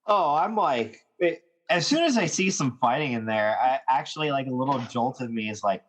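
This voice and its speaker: Man, podcast panelist, casual chat, rambling, mid-pitched voice. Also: expressive, moderate pace, slight background noise, rough recording.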